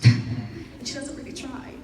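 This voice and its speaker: A woman's voice: a little slow, darkish tone. A young woman with a British accent, a convention panel guest answering fan questions in a chatty way, laughing often and using many fillers. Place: large convention hall. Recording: echoey hall from far off, crowd noise.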